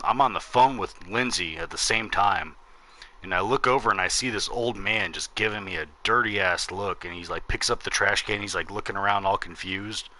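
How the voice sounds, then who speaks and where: A man's voice: fairly low pitch, pushed and bright. A man telling a rambling, profane story in casual chat while he plays a game, acting out the quotes as he goes. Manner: rambling, profane, with lots of fillers and acted quotes. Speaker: gaming channel host.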